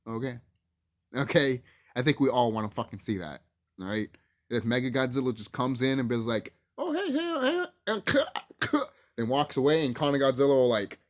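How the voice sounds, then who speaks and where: A man casually ranting to his viewers, swearing freely, laughing often and repeating himself for emphasis. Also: medium pitch. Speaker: YouTube movie commentator. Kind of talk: casual rant to camera.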